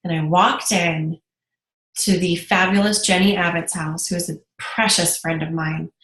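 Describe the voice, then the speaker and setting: A woman's voice: fairly low pitch, fairly even intonation, a little slow, a bit bright, echoey room, poor audio. A woman in her thirties, a direct sales team leader, talking casually and earnestly to viewers in a live video, getting emotional. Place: moved to North Carolina.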